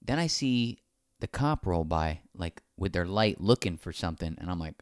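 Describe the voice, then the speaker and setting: A man's voice: deep voice, moderate pace, clean tone, dry recording, studio quality. A man casually telling a long anecdote, acting out the other people's lines as he goes. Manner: animated, acts out quoted dialogue.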